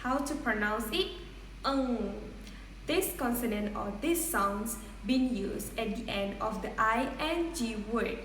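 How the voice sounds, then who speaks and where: A young woman with a slightly high voice presents a lesson on accents, carefully saying example words aloud for her classmates. She sounds distant from the microphone in an echoey room, with clear background noise. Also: expressive, a bit bright. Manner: modelling words slowly for repetition. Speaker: student presenter.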